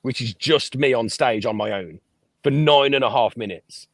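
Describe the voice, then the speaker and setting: A man, a podcast guest telling lively stories about his life and swearing freely. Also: medium pitch, moderate pace, no echo. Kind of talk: casual storytelling interview.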